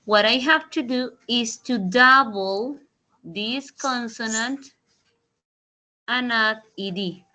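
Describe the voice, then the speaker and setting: Slow, bright-voiced woman teaching English. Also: on the high side, rough recording. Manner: slow, deliberate explanations with Spanish translations. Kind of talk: online grammar lesson. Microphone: computer mic in a video call.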